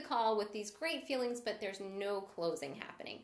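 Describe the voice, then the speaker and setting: An upbeat, encouraging woman teaching a live-streamed sales training. Her voice sits in a middle pitch range and rings with the echo of the room she records in. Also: expressive, normal speed. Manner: upbeat and encouraging, greets viewers mid-talk. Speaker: sales coach.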